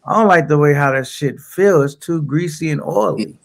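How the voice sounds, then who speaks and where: A man's voice: on the high side, moderate pace, vocal fry, dry recording. A man in casual, profane podcast banter, teasing and laughing.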